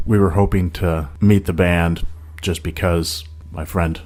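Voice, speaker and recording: A man hosting a casual podcast, talking about new metal releases in a relaxed, enthusiastic way with some hesitations. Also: deep voice, unhurried. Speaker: podcast host.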